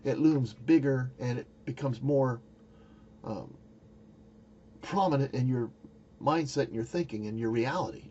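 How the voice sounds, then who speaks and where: A man's voice: medium pitch, a little slow, pauses often, darkish tone, dull audio, a little hiss or hum. An older man talking casually to camera about a personal experience, rambling and searching for words with many restarts. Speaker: YouTuber recounting a spiritual experience.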